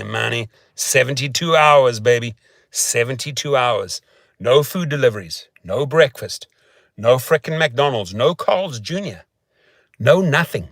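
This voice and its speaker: A man vlogging as a rideshare driver, rambling to his viewers in a sing-song, chanting way that swings between hushed murmurs and excited whoops. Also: mid-range voice, no room sound.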